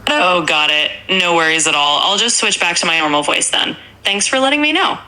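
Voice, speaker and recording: A woman's voice: on the low side, animated, fairly quick, bright, forceful tone, poor audio. A female AI voice assistant with an American accent, speaking in an upbeat, eager-to-please way.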